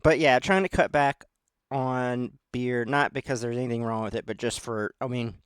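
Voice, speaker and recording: A man's voice: medium pitch, normal speed, smooth, no room sound, studio quality. A man hosting a podcast in casual chat, rambling and self-deprecating, with lots of fillers. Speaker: podcast host.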